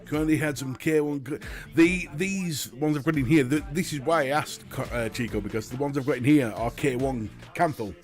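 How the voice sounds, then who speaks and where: A man's voice: medium pitch, brisk, few pauses, soft background music. A British man hosting a casual live stream, chatting and swearing freely as he answers his viewers. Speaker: livestream host.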